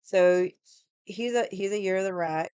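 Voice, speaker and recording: A woman's voice: mid-range voice, moderate pace, mellow, clean tone, no room sound, highs cut off. A woman telling a story in casual chat, blunt and profane, rambling with lots of "like". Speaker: vlogger.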